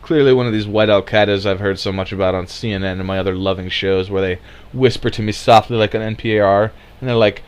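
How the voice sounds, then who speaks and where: A man's voice: on the low side, fairly even intonation, fast talker, clear, resonant tone. A man delivering sarcastic, mocking political commentary, swearing freely as he rants.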